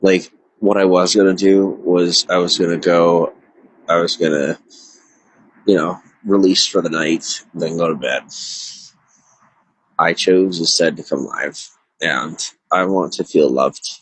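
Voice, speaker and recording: A man's voice: low-pitched, fairly even intonation, measured pace, pauses often, fairly bright tone, breathy edge, no room sound, rough recording. A man live-streaming to viewers alone, distressed and near tears, rambling with many filler words. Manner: rambling, heavy on filler words, self-interrupting. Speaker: livestreamer.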